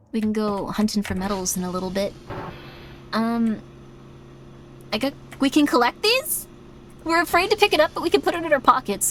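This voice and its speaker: A woman streaming a game, talking in a chatty, playful way, easily startled and soft when guiding a breathing exercise. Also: on the high side, slight background noise. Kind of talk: casual game commentary.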